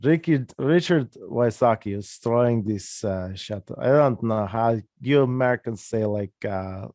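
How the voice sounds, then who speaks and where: A man voicing a halting male disc golf commentator with a put-on Russian accent, unsure of the sport's terms. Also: mid-range voice, darkish tone, no echo, clean studio sound, lightly acted. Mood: puzzled.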